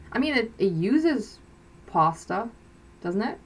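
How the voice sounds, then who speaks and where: A woman's voice: on the high side, big pitch swings, slow, slightly rough. A woman musician chatting casually on a livestream, hesitant and rambling, with many fillers and frequent giggles. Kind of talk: casual live-stream chat.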